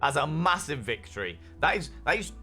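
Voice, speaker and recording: Very animated, a little fast, with a fairly high, bright and forceful voice, this man streams a game while faint lo-fi music plays. He reads viewer messages and chats casually, upbeat and freely swearing.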